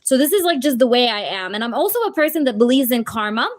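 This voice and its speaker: A woman's voice: on the high side, very animated, quick pace. Chatty woman giving tarot readings. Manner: chatty, talks to chat, speaks as the twin flame in first person. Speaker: tarot reader. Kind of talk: live-stream tarot reading.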